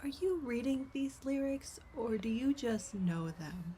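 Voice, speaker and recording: A young woman co-hosting a casual podcast, chiming in with quick questions and reactions. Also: fairly high pitch, expressive, dark tone, slightly rough. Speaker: podcast co-host. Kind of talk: casual chat.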